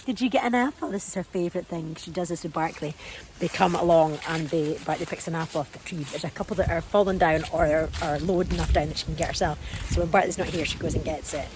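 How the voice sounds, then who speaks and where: A woman in her forties, chatting casually as she walks outdoors with her dog, rambling and calling the dog in a high sing-song. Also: steady tone, quick pace. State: out of breath. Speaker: lifestyle vlogger. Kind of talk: casual walk-and-talk vlog. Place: outdoors in a garden and field. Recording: outdoor recording with background noise.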